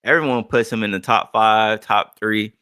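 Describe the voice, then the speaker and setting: A man's voice: lowish voice, fairly even intonation, normal speed, bright, forceful tone, clean tone. A young man co-hosting a podcast, talking in loose, profane, joking banter. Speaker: podcast co-host. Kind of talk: casual chat.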